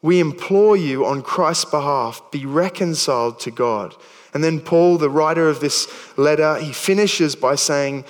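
A man's voice: fairly high pitch, measured pace, big-room sound. A man in his thirties with an Australian accent, preaching a sermon in a chatty, stumbling way with self-deprecating jokes. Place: church hall.

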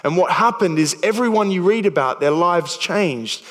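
A long reverb tail follows this man's high-sitting voice as he preaches at normal speed with lively intonation. In his thirties and Australian-accented, he delivers a chatty, stumbling sermon with self-deprecating humor in a church hall.

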